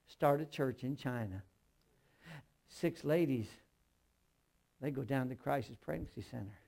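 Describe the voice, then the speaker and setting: A man's voice: fairly high pitch, lively intonation, moderate pace, vocal fry, pauses often, mellow, breathy edge. A man preaching a sermon, telling stories and acting out both sides of each conversation while speaking straight to the congregation. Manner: storytelling, acts out dialogue in quotes; addresses the congregation directly.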